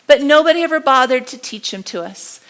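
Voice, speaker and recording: A middle-aged woman teaching a live body language class, animated and acting out what people say. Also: sits high, fairly quick. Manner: animated, acts out quotes and gestures.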